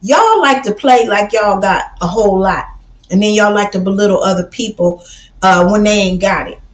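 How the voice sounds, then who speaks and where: A woman's voice: medium pitch, moderate pace, reverberant, low-quality recording. A woman from Chicago hosting a casual livestream, talking in a blunt, preachy way and often calling listeners baby. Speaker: livestream host.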